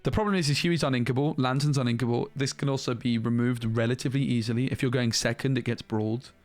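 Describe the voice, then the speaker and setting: A man giving casual, animated commentary as he reviews trading cards, thinking aloud and restarting sentences as he goes. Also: medium pitch, fast talker, soft background music. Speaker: card game reviewer.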